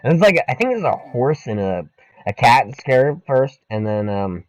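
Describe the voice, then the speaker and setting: A man's voice: mid-range voice, big pitch swings, normal speed, dry recording, low-quality recording. A man co-hosting a podcast, chatting casually and profanely about a comedy film while quoting its lines. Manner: loose and profane, quoting lines in mock voices. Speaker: podcast co-host. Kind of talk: casual movie review chat.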